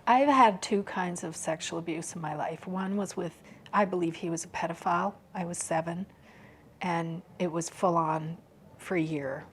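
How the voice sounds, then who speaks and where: A woman with a lowish voice talks as a guest on a podcast, opening up about personal things. Her speech is soft and faltering, often slipping into a near-whisper, and there's a little hiss or hum on the audio.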